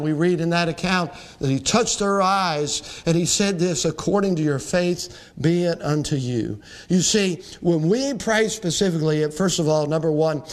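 A man with a higher-than-usual voice delivers a Sunday sermon. He preaches earnestly, dragging out key words for emphasis and reading scripture aloud to his congregation. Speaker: pastor.

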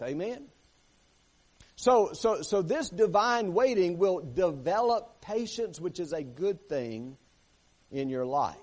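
Emphatic preacher man, slightly high voice. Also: darkish tone. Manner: emphatic, repeats phrases, asks "right?" and "amen?" of the congregation. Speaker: pastor. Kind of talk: sermon.

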